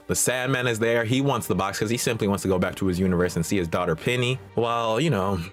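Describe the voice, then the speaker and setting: A man's voice: on the low side, quick pace, hardly any pauses, faint music behind. A man hosting a movie reaction channel, recapping the plot in a casual, slangy, profane way. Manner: slangy, profane, streetwise banter.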